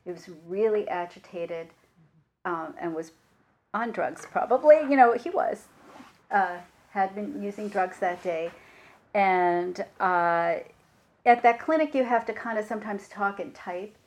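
Gentle, reflective woman giving a dharma talk. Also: mid-range voice. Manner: reflective and unhurried, with frequent pauses and fillers. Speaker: meditation teacher.

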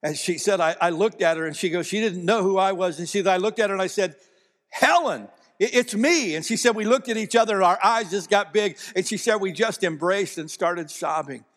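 A man's voice: high-pitched, fast talker, few pauses. Man preaching a sermon in a hall. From Ohio. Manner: earnest storytelling that builds to animated, emphatic delivery. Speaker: pastor.

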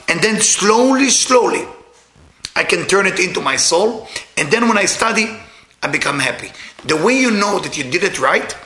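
A man giving an informal sermon in non-native English, emphatic, swinging from loud bursts to hushed asides. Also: high-pitched.

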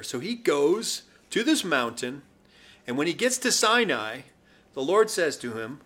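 A man preaches a sermon in a high, light voice. He tells the story plainly and warmly and adds wry asides as he goes. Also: sing-song, normal speed.

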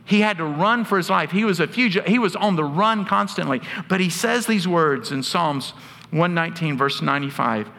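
A pastor delivers his sermon earnestly and drops in wry humor. His bright, somewhat high voice carries a forceful edge. A long hall reverb trails every phrase. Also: expressive, normal speed, gravelly. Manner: earnest storytelling preacher with asides of humor.

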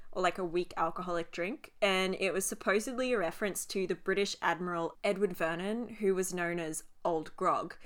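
Slow-talking bright Australian woman. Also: mid-range voice, clean tone. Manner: laughs often, swears casually. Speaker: podcast co-host. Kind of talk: casual chat.

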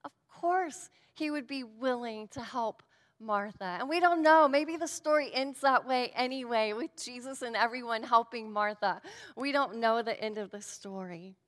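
A woman giving a sermon and a prayer, earnest and shifting between emphatic lines and hushed ones. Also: fairly high pitch, moderate pace, in a large hall. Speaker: speaker at a devotional.

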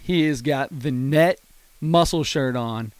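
A man's voice: a little high, takes it slowly, clear, resonant tone, no room sound. A man in his thirties, a podcast co-host, telling a funny story in casual chat. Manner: animated storyteller, laughs hard at his own story.

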